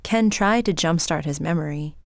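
A woman host narrating a radio documentary in a plain, measured way. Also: deep voice, gravelly, no room sound, clean studio sound.

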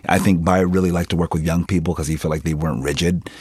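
A man from Philadelphia, an actor, chatting in an interview, telling stories with animated quotes and frequent laughs. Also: deep voice, fast talker, slightly rough, dry recording. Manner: animated storyteller, laughs often, acts out quotes. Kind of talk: casual interview chat.

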